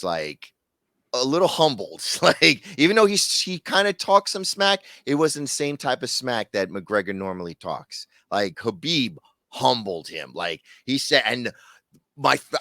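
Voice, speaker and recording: Casual, animated man on a podcast. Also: medium pitch, a little slow, dry recording, clean studio sound. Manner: animated storyteller, acts out quotes in loud voices. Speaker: podcast co-host. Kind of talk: casual chat.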